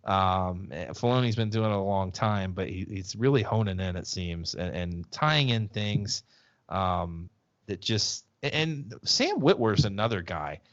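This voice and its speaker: A man's voice: low-pitched, animated, measured pace, lo-fi sound. A man co-hosting a casual podcast, telling stories over a video call with many restarts and fillers. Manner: rambling storyteller with frequent restarts and fillers. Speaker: podcast co-host.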